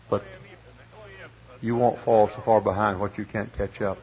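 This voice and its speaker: A man in his forties preaching a sermon dramatically, swinging between loud bursts and hushed words. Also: on the low side, level tone, normal speed, long pauses, breathy edge. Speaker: pastor. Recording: muffled archival radio recording.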